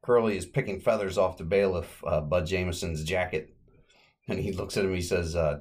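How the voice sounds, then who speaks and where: A man with a slightly low voice hosts a casual podcast. He walks through an old comedy short in a relaxed, rambling way, dropping fillers as he goes. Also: moderate pace. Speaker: podcast host.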